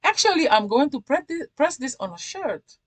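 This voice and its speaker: A woman hosting a casual craft software tutorial who talks chattily, repeats herself and keeps checking in with the viewer. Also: sits high, sing-song, normal speed, dry recording.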